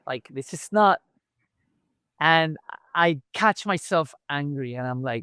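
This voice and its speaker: A man's voice: on the high side, unhurried, a bit bright, clear, resonant tone, no room sound. A chiropractor guest telling his story in a conversational podcast interview, acting out remembered dialogue as he goes.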